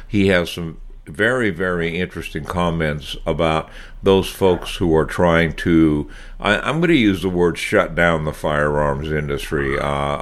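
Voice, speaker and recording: Deep-voiced talk radio host. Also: male voice. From Washington State. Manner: conversational, opinionated, with frequent fillers.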